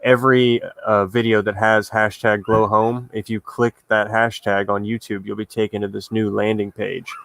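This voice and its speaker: Low gravelly man, dry close sound. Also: moderate pace, few pauses, no echo. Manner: relaxed, talks shop about updates with easy laughs. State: dry throat. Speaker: indie game developer guest. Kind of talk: casual interview chat.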